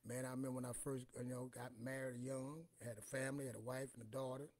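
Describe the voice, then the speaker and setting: A man in his forties with a husky, breathy voice at an ordinary middle pitch talks through his past in a loose, rambling way. He keeps circling back with "you know what I'm saying" as he hosts a casual storytelling monologue. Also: level tone, fast, darkish tone.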